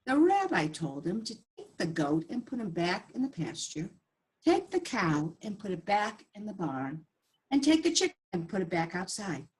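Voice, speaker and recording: A woman's voice: medium pitch, sing-song, moderate pace, a bit bright, slightly rough, rough recording. A woman storyteller telling a folktale aloud, acting out the voices and animal sounds.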